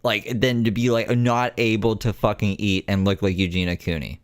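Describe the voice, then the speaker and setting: Brief: low-voiced male host, crude and blunt, dry close sound. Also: fairly even intonation, normal speed, clear, resonant tone, dry recording. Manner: blunt, profane, exasperated. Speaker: host reacting to clips. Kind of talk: reaction commentary.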